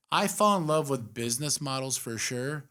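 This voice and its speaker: A man co-hosting a podcast as an investor, talking frankly with casual swearing and animated asides. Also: mid-range voice, a little slow. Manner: frank, profane, animated storytelling. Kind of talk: casual chat.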